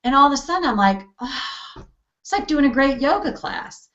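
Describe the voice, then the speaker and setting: A woman's voice: sits high, sing-song, moderate pace, a bit bright, dull audio. A woman guest in a casual interview, talking animatedly and acting out quoted voices with easy laughs. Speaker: interview guest, EFT practitioner.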